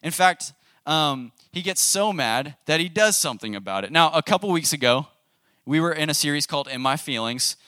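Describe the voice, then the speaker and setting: Young youth pastor guy preaching casually, bright voice, asks the room stuff. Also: a little high, expressive, moderate pace, clear, resonant tone, dry recording, studio quality. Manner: casual, asks the audience questions. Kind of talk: conversational sermon. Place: church youth service room.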